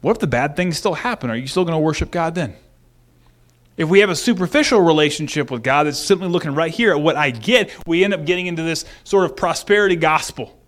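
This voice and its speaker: Animated high-voiced male pastor. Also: quick pace. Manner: animated, swings from loud to hushed. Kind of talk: sermon.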